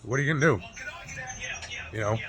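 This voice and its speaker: Medium-pitched and a bit bright, a man in his forties talks a little fast on a low-quality recording with music underneath. He's a fitness vlogger telling a painful personal story, raw and teary, swearing plenty and often ending sentences with "right?" or "you know?".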